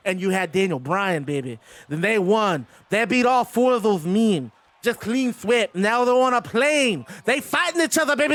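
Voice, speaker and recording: A swaggering wrestling-promo talker, a man doing the impression, drawling every phrase and tossing "baby" onto the ends of his lines. The voice sits high and slides up and down as he holds court. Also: fairly bright tone, no room sound.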